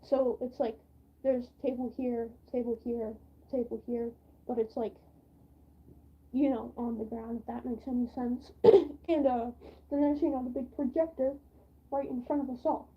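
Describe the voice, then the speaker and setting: A woman's voice: fairly high pitch, fairly even intonation, moderate pace, husky, muffled recording. A teenage girl telling a rambling story from school in a casual live-stream chat, full of fillers. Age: teens.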